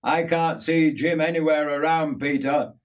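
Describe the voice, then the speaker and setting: A man's voice: a little high, steady tone, unhurried, voice pushed up, close to an everyday voice. A man voicing an eager, curious fifteen-year-old boy asking questions.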